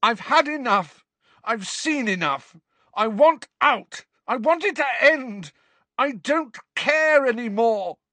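A man voicing a furious, grieving teenage boy wizard, shouting in a strained high voice. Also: sing-song, fairly quick, few pauses, no echo, full character voice.

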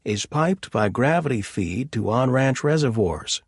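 A man's voice: medium pitch, lively intonation, a little slow, breathy edge, no room sound, studio quality, pitched above the performer's own voice. A man voicing an enthusiastic, long-winded rancher in a storybook reading. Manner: chatty, enthusiastic, over-explaining.

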